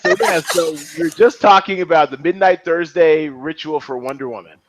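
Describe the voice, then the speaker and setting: A man's voice: a little high, moderate pace, background noise. A man hosting a podcast in casual chat, joking around and laughing often. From Las Vegas area. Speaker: podcast host.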